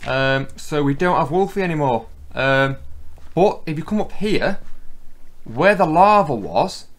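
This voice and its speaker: Thinking aloud as he plays, a gaming channel host offers relaxed, chatty commentary in a fairly high-pitched voice. Slight background noise can be heard.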